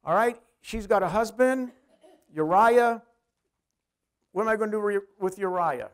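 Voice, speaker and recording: A man's voice: sits high, expressive, unhurried, smooth. A middle-aged male pastor preaching a sermon in a conversational way, often asking the congregation questions.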